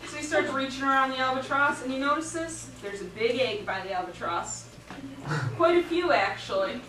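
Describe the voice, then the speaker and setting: A woman's voice: sits high, normal speed, bright, forceful tone. Giggly woman telling a rambling story. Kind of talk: improvised storytelling. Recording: roomy, distant mic, noisy.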